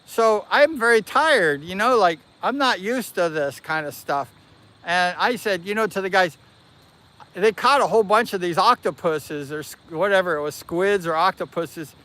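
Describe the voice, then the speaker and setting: A man hosting a livestream, casually telling a long personal story in an animated, rambling way and correcting himself as he goes. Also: high voice, moderate pace. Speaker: livestream host.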